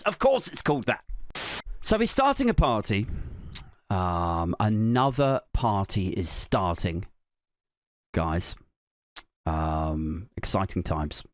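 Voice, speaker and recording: A man hosting a comedic political rant, sardonic and sweary, with a mocking edge to every line. His pitch swings a lot as he talks, and the sound is dry and close to the mic. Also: big pitch swings, slow pace, no room sound. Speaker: comedian host.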